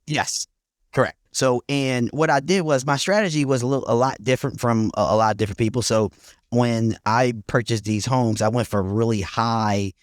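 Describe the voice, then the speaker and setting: Man, middle-aged, podcast guest, laid-back and blunt, mid-pitched voice, dry close sound. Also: fairly even intonation, moderate pace, no echo. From North Philadelphia, USA. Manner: laid-back storytelling, laughs often, blunt and profane. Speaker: guest, real estate investor. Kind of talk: casual podcast interview.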